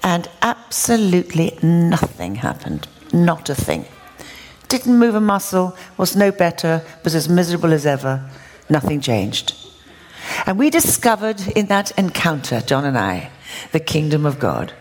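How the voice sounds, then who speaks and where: A woman's voice: low voice, sing-song, unhurried, darkish tone. An older woman preaching a sermon, telling stories with laughter and acting out the dialogue. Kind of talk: storytelling sermon.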